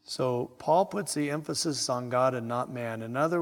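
A middle-aged man preaching a sermon with slow, emphatic delivery and chatty asides to his congregation. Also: mid-range voice, big-room sound. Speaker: pastor.

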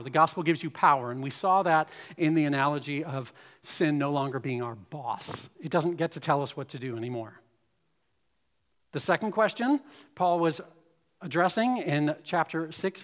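A man's voice: fairly high pitch, a bit bright. A man preaching a sermon, explaining scripture and reading passages aloud to his congregation. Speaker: pastor. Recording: long reverb of a hall.

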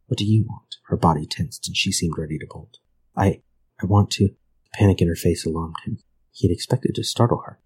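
A man reading a grim old folk tale aloud in a measured, grave manner. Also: deep voice, slightly rough, poor audio. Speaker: narrator.

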